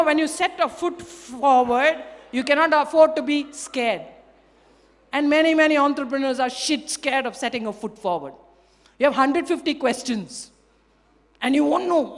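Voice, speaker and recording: Energetic woman speaking in a hall. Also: high-pitched. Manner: energetic, humorous, drives audience call-and-response. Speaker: leadership trainer and keynote speaker. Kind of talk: motivational talk to a live audience. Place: large hall with an audience. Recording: long hall reverb.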